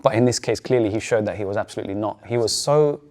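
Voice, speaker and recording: Man, low-pitched, calm, measured, reflective spiritual talk.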